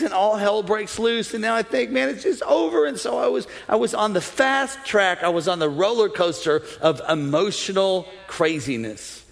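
A middle-aged man preaching a sermon as pastor, animated, swinging between loud exhortation and low, confiding asides. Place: large church auditorium. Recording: long hall reverb.

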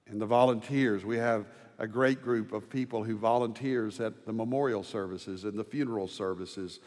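A man preaching a sermon as pastor, dropping to hushed tender lows and rising to loud ringing proclamation. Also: steady tone, moderate pace. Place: large church sanctuary. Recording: long hall reverb.

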